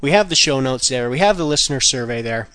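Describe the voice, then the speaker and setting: A man hosting a casual podcast lesson, saying each word and its meaning, then repeating it slowly, with jokey asides. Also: medium pitch, expressive, pushed and bright, clear, resonant tone, dry recording. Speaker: language podcast host.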